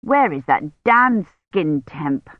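Bossy brisk lady doctor barking orders, read by a woman, dull muffled sound. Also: low voice, sing-song, no room sound, heavily acted. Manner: curt, businesslike orders. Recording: dull lo-fi recording.

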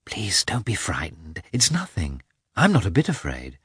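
Man reading as a soft calm young wife, hushed, deep and dry. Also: unhurried, breathy edge, no room sound, heavily acted. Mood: gentle.

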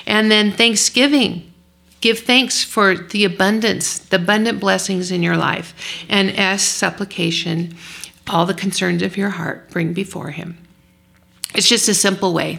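A woman's voice: mid-range voice, steady tone, moderate pace, vocal fry, a bit bright, slightly rough. A woman leading a women's Bible study, teaching and praying in an earnest, encouraging way.

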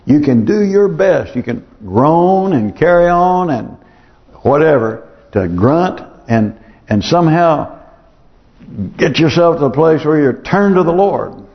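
A man's voice: on the high side, expressive, unhurried. A man preaching as pastor in a church, earnest and pleading, repeating phrases for emphasis. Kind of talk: sermon. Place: church sanctuary. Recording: dull sound with long hall reverb.

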